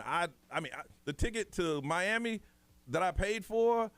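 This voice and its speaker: An American man hosting morning radio tells a casual, animated story at normal speed, acting out the voices of the people involved. He has a high voice, and the studio recording is dry.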